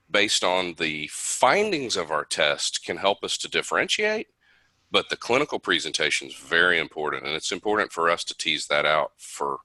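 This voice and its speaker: A man's voice: sits low, pushed and bright, dry recording, low-quality recording. A man with a Southern US accent teaching an online session, explaining at length in a conversational way with restarts. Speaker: instructor.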